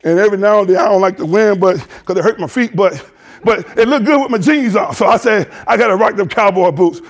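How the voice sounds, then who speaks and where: A man in his sixties with a Southern US accent preaches with a fairly high voice. He jokes and calls out to the congregation, mixing scripture with folksy asides. His delivery swings between slow, weighty lines and quick banter. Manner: animated, jokey, talks to congregation. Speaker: pastor. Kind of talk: sermon.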